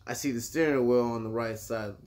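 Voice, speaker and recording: A man's voice: mid-range voice, fast talker, darkish tone. A man chatting as a guest in a laid-back, offhand way. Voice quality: gravelly. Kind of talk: casual chat.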